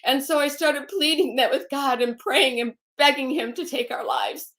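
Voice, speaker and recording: A woman giving a halting, emotional personal testimony as a guest, often repeating her phrases and turning to scripture. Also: high voice, animated, fairly bright tone. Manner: religious, recites scripture.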